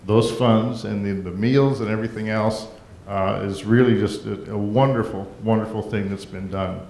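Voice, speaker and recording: A man's voice: on the low side, steady tone, moderate pace, a little mellow, echoey room, slight background noise. A man speaking as mayor at a council meeting, in a folksy, rambling way with frequent restarts. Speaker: mayor presenting a proclamation. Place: council chamber.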